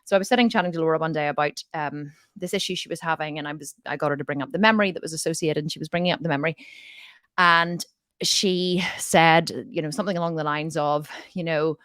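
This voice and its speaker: A woman's voice: low-pitched, steady tone, racing, hardly any pauses, no room sound, studio quality. A woman coaching on mindset in a casual, frank way, telling stories and acting out both sides of conversations.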